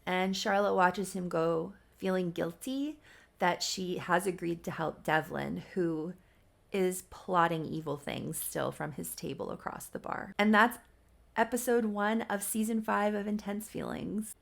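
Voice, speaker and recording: Gravelly low-voiced woman recapping a story. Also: fairly even intonation. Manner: chatty retelling with quick asides. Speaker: channel host.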